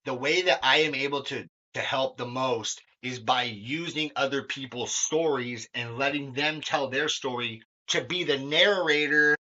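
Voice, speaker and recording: A man's voice: medium pitch, a little slow, few pauses, sharp tone. A young man hosting a podcast, talking candidly in a rambling way with lots of fillers and swearing. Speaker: podcast host. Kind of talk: candid conversational chat. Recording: dull lo-fi sound.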